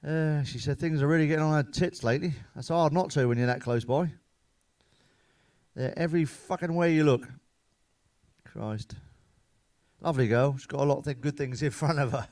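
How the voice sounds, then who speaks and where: A man telling crude stand-up jokes in a blunt, heavily sweary manner with deadpan punchlines. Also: fairly high pitch, normal speed, long pauses, dry recording. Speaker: comedian.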